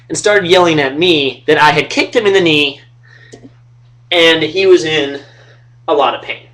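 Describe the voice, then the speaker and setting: A young man with a slightly high voice, cracking jokes and swearing as he trash-talks his fantasy football league. He sounds a bit far from the webcam mic, indoors at home. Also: measured pace, pauses often, fairly bright tone, a little hiss or hum. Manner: loose, profane, joking. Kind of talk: casual webcam trash talk and storytelling.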